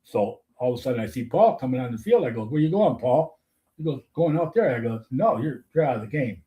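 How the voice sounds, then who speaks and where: A man's voice: medium pitch, expressive, a little fast, warm tone. Older man telling old umpire stories. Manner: chatty, laughs at his own stories. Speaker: host, former softball umpire. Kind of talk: casual storytelling chat.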